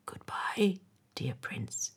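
A woman's voice: lowish voice, animated, slow pace, gravelly, darkish tone, husky, heavily acted. A woman voicing a dying, loving little male swallow in a faint whisper, in a storybook reading. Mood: tender whisper.

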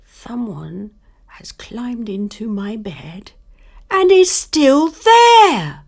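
A woman doing a high wailing little bear cub. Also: sing-song, drawn-out words, vocal fry, a little mellow, full character voice. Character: small young male bear cub, upset.

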